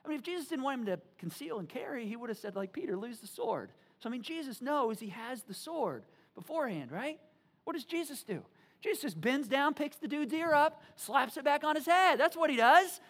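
A woman preacher with a fairly high voice, talking through a sermon in an animated, conversational style. She tells stories casually and loosely, stopping and restarting as she goes. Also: a little fast.

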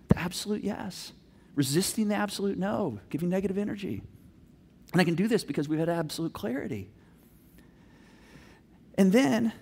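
A middle-aged man preaching a sermon, telling family stories with animated delivery and acting out voices. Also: high voice, vocal fry, husky. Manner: animated storytelling, acts out voices of himself and his daughter. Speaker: pastor.

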